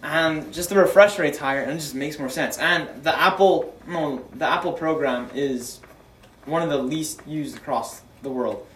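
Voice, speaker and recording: A man's voice: a little high, normal speed, a bit bright, distant mic, a little hiss or hum. A teenage boy in casual chat with friends, rambling through an argument with many restarts. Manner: rambling, argues phone specs with many restarts. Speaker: co-host. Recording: roomy echo, off-mic.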